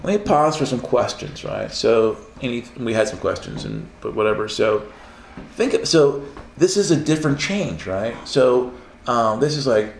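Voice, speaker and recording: A man's voice: medium pitch, expressive, moderate pace, creaky, echoey room, a little hiss or hum. A man preaching an informal sermon, acting out quoted voices and laughing often as he teaches.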